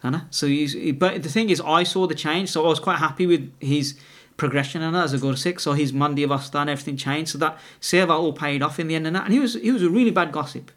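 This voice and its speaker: Middle-aged guy on a podcast, talks really fast, rambly, keeps restarting and tagging on questions. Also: on the high side, steady tone, a bit bright. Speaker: podcast guest. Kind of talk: casual conversational storytelling.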